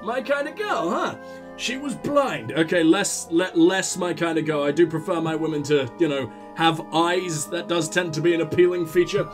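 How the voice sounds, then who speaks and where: A man's voice: a little high, moderate pace, soft background music. Sick, crude joking gamer man. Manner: crude, joking, heavy swearing. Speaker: let's play host. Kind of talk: gameplay commentary.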